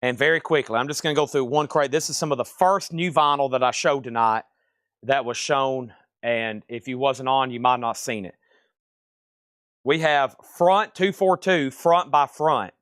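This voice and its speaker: A man hosts a live record sale, listing one item after another with its price. His voice sits at a middle pitch and sounds close and dry, with little room sound. He talks in a brisk, casual way. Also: fairly bright tone, no room sound. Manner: brisk list-reading of items and prices, casual. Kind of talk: livestream sales pitch.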